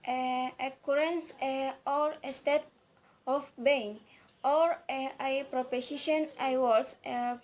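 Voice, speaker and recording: Young Indonesian-accented woman student, high voice, hesitant class talk. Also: steady tone. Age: young adult. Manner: halting, frequent hesitations and restarts. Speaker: university student. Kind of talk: recorded class presentation.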